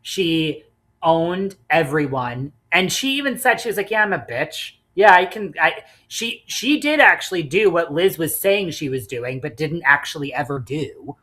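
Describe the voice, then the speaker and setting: A woman with a low voice co-hosts a casual podcast, picking apart reality TV episodes with blunt, animated opinions. She swears freely and talks through her thoughts with lots of restarts. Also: unhurried. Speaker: podcast co-host. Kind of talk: casual reality TV recap chat.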